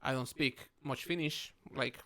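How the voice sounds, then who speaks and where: A podcast co-host from Mexico chats casually over drinks, calling his friend "mate" and restarting his sentences often. His medium-pitched voice has a sharp tone and stays steady, at a slightly slow pace.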